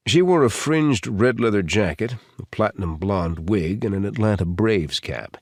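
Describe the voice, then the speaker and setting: A man reading a thriller audiobook in an expressive, dramatic manner. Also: lowish voice, normal speed, no echo, clean studio sound. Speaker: audiobook narrator. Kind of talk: scripted thriller narration.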